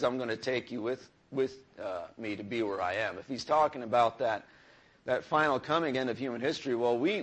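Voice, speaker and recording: A man's voice: medium pitch, fairly bright tone, husky. Conversational male preacher. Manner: conversational, with frequent restarts and asides to the congregation. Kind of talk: sermon.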